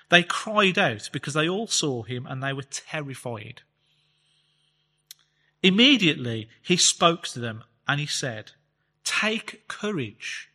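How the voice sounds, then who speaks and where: A man giving a chatty Bible teaching talk, reading scripture slowly and explaining it with fillers. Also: on the high side, pushed and bright. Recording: long reverb, hall-like space.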